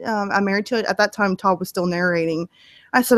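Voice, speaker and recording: A woman's voice: mid-range voice, fairly quick, a bit bright, no echo. Chatty woman telling stories, dry sound. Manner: chatty, storytelling, laughs often. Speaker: interview guest, story narrator. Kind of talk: casual interview chat.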